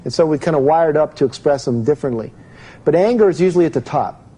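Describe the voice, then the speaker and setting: A man's voice: on the high side, fast talker, warm tone, rough recording. A man giving a live self-help seminar, explaining step by step and putting questions to his audience.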